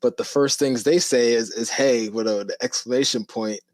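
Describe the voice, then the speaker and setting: A young man co-hosting a casual comedy podcast, teasing his friend and reacting quickly. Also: mid-range voice, dry recording. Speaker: podcast co-host.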